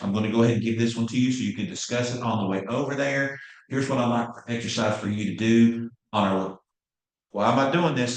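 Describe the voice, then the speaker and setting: A man in his fifties teaching a live class with blunt passion. He acts out what clients say and curses now and then. His fairly low voice rings through a very echoey room. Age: 50s. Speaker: real estate trainer. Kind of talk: live training talk. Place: training room.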